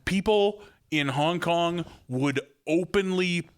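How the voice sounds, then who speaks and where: A man's voice: fairly high pitch, takes it slowly, smooth. A man co-hosting a podcast in casual chat, joking in loose banter and laughing between remarks. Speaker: podcast co-host.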